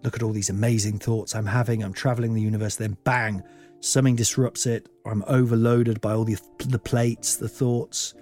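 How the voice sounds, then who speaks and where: A man's voice: lowish voice, a little mellow. Brief: male comedian-host, middle-aged, self-deprecating rambling monologue, faint music bed. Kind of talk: comic monologue.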